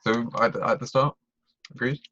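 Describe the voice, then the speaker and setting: A man's voice: medium pitch, fairly even intonation, moderate pace, pushed and bright, dull audio, slight background noise. A man tutoring German on a video call, explaining step by step and checking that his students follow. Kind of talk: online tutoring lesson.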